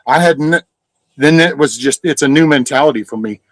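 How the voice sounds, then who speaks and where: A man's voice: a little high, normal speed, no echo, poor audio. A middle-aged man, ranting casually and profanely as host of a live stream. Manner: profane, heated storytelling.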